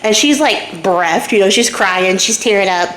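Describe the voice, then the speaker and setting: A woman's voice: mid-range voice, moderate pace, fairly bright tone. A young woman casually retelling a fairy tale at home, irreverent and chatty, swearing and acting out the characters' lines. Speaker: storyteller and craft channel host. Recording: echoey room.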